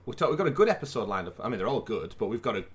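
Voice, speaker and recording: A man's voice: on the low side, rapid-fire. A man hosting a casual podcast, chatty and theatrical, recorded over a remote call. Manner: animated, theatrical build-ups. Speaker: podcast host. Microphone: remote call mic.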